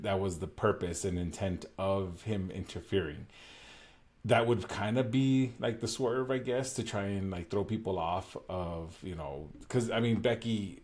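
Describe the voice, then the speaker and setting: Casual co-host, male, very low voice, rambling recap chat. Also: a little mellow. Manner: rambling, with many fillers and self-corrections. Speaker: podcast co-host.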